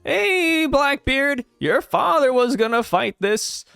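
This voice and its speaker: A man doing a worried mother in a gruff manly voice. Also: extremely high pitch, lively intonation, slow pace, pushed and bright, no room sound, clean studio sound, soft background music, voice pushed up, exaggerated voice. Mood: urgent. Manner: gruff, blunt telling. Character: a woman, a worried mother, told by a man in a deep voice.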